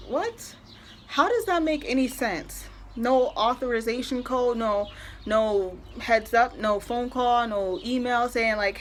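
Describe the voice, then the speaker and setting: A woman's voice: fairly high pitch, slight background noise. A young woman telling a story in a casual, exasperated rant, peppered with filler words. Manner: chatty, exasperated, heavy use of "like". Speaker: vlogger.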